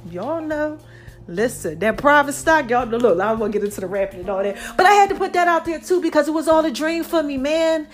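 A woman's voice: high-pitched, expressive, brisk. A woman hosting a podcast, chatting casually and out of breath, calling her listeners y'all and child, with faint music behind. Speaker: podcast host.

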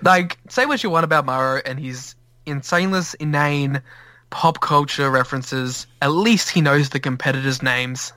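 Bright-voiced Australian man, dry and wry. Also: a little high, normal speed, no echo. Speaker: podcast co-host. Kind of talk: casual chat.

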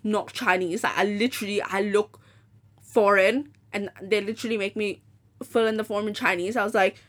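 A woman's voice: medium pitch, steady tone, moderate pace, a bit bright. A woman hosting a podcast, telling a story in a casual rant, blunt and profane, and acting out the people she quotes. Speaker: podcast host.

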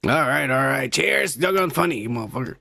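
A man's voice: medium pitch, expressive, a little fast, gravelly, sharp tone. A man co-hosting a podcast, grumbling and swearing in a crude, drunk, casual chat. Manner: profane, grumbling, mock-angry. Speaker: podcast co-host.

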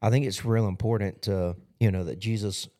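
A man's voice: lowish voice, steady tone, fairly quick, mellow. A man, a pastor, talking casually about his sermon in a loose, rambling way full of fillers. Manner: rambling, with frequent "you know" fillers. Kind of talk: casual podcast recap of a sermon.

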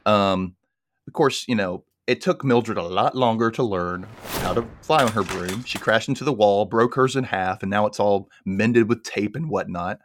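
A man hosting a casual podcast, chattily retelling a movie plot in a rambling, animated way. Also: fairly low pitch, no echo, clean studio sound. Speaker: podcast host.

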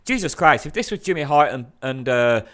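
A man co-hosting a podcast, chatting about wrestling in a lively, sweary way and laughing often. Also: mid-range voice, a little fast. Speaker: podcast co-host. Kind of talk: casual wrestling chat.

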